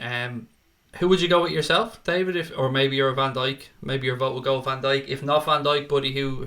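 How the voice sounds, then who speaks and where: A young man hosts a football fan stream in a bright, forceful voice. He reads viewer comments aloud in an easy, chatty way and calls everyone mate or pal. His casual, informal delivery sounds like a live stream. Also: mid-range voice.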